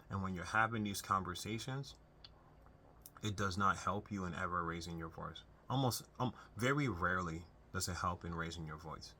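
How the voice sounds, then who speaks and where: A man's voice: sits low, pushed and bright, slight background noise. A young man talking earnestly to camera, giving unscripted advice on family relationships in a conversational way with frequent restarts. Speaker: self-help video host.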